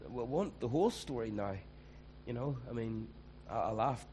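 A man's voice: medium pitch, lively intonation, normal speed, warm tone, slight background noise, poor audio. A man, preaching a conversational sermon and acting out quoted voices.

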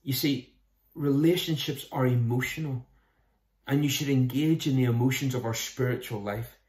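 An earnest pastor, talking his hearers through practical advice in a sermon. He keeps a steady mid-range voice, and the echo of a roomy space rings around him. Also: mid-range voice, moderate pace. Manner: earnest, conversational preaching with rhetorical questions.

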